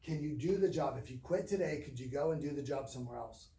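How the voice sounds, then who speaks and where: A man doing a blunt, gruff farmer father. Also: medium pitch, quick pace, mellow, natural voice. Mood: steady. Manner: blunt and commanding. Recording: roomy distant mic.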